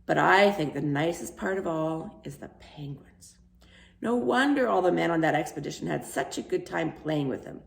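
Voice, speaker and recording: Eager dreamy dad figure in a storybook reading, gravelly and lively, voiced by a woman, roomy sound. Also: sits low, moderate pace, exaggerated voice. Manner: eager, wondering. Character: enthusiastic dreamy middle-aged house painter. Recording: roomy echo.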